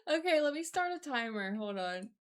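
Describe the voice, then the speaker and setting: A woman's voice: on the high side, sing-song, moderate pace. A young woman chatting casually on her live stream, giggling often and poking fun at herself. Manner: giggly, self-deprecating, chatty. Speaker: live streamer learning to code. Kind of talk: casual chat.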